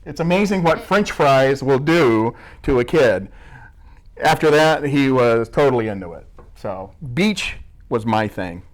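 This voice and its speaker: A middle-aged man from Iowa in a relaxed interview, his pitch rising and falling with each story. He jokes and pokes fun at himself. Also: unhurried. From Midwest US, Iowa. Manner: joking, self-mocking storyteller. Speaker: school staff member being interviewed. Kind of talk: casual interview chat.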